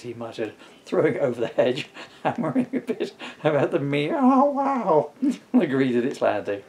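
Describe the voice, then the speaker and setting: A man's voice: moderate pace, slight background noise. A man reading aloud from his own comic children's book, chuckling as he goes. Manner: chuckling, playful reading with lively pitch.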